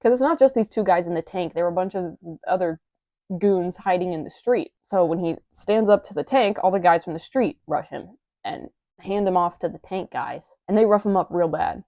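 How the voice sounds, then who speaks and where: A woman's voice: on the low side, moderate pace, warm tone, dry recording. A young woman reviewing a manga in a chatty, wry manner with playful asides, reading from a script.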